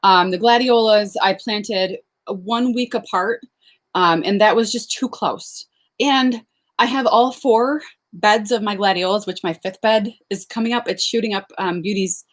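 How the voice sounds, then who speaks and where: A young woman talks casually to her viewers on a live stream, answering questions one after another. She is chatty and unscripted, with plenty of fillers and little laughs. Her voice sits at an ordinary middle pitch. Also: a little slow. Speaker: flower farmer hosting a live Q&A. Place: outdoors on a farm.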